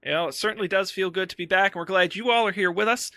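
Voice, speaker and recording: A man's voice: sits high, fast talker, bright, forceful tone, no echo. A man hosting a casual tech podcast, talking in an upbeat, chatty way with fillers into a close mic. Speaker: podcast host.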